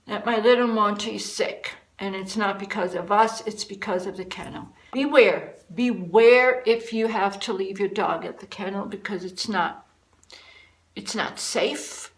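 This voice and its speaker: A woman's voice: mid-range voice, a little slow, creaky, poor audio. A woman vlogger delivering a furious, repetitive rant to the camera. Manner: furious, repeating herself, emphatic.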